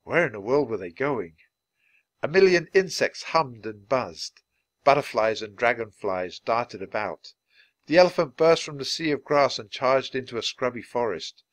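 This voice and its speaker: A man reading a children's chapter book aloud in a clear, measured, lively way. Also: mid-range voice. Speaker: storybook reader.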